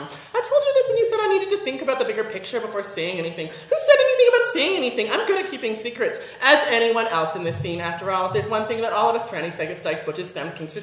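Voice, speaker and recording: A woman performing spoken word poetry at a college venue. Her delivery is intense and rhythmic, with repeated chants that build to loud peaks. The room sounds echoey, and her voice sits at a middling pitch. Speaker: performance poet. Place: college venue before a live audience.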